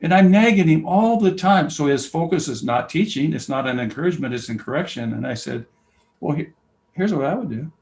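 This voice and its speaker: An older man, a basketball coach and camp founder, talking as an interview guest, telling stories and acting out quoted dialogue, from loud to whispering. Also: on the high side, a little fast, gravelly, rough recording. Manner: animated storyteller, acts out quoted dialogue, swings from loud to whispering. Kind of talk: conversational interview, storytelling.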